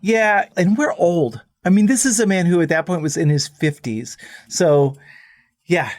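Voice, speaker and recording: A middle-aged man from Texas, a guest musician on a podcast, telling a rambling, animated anecdote and acting out other people's lines. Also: high voice, measured pace, dry recording, clean studio sound. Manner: rambling, animated storyteller who acts out quotes.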